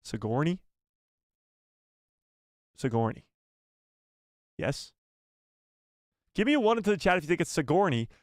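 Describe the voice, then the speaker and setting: A man's voice: a little high, big pitch swings, a little slow, long pauses, dry recording, studio quality. A man hosting a casual live stream, joking with his chat and mocking himself.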